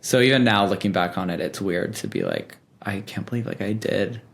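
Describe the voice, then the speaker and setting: A young man telling personal stories in a relaxed, chatty way, full of fillers and quick laughs. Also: deep voice, gravelly. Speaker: podcast guest. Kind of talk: casual storytelling.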